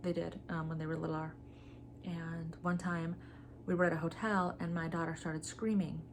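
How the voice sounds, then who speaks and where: A woman in her forties talks casually to her vlog audience with a somewhat low pitch and a nasal, blocked-up sound. Her humor is dry and deadpan. Faint room ambience sits under her voice. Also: normal speed, slight background noise. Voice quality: stuffy, blocked-nose sound. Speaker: vlogger. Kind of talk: casual chat.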